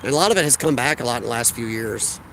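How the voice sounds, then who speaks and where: A man's voice: medium pitch, animated, fast talker, a bit bright, slight background noise. A man with a Midwestern American accent hosting a casual live stream outdoors at a riverfront park, talking into a handheld phone and answering viewers' chat. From United States. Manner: chatty, reads out viewers' chat and answers them. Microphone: phone camera held by the speaker.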